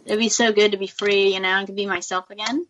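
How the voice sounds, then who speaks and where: A woman's voice: medium pitch, little pitch movement, fast, fairly bright tone, lo-fi sound, slight background noise. A woman in her forties from Long Beach, California, with an American accent, chatting frankly and laughing often as a guest on a call from home. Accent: Southern Californian American. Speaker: guest actress. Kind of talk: casual chat. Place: home, with children nearby.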